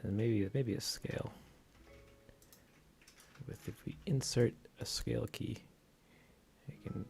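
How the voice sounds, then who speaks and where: A man's voice: mid-range voice, slow, creaky, pauses often, a little mellow, a little hiss or hum. A man streaming live, thinking aloud as he edits a video, mumbling to himself with whispered asides and unfinished sentences.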